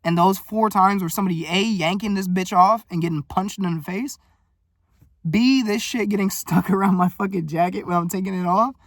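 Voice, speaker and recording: A young man vents in a casual, profane rant, blunt and worked up. His voice sits high for a man. The recording is dry and close, with no room sound. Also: no echo. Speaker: vlogger. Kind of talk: casual venting monologue.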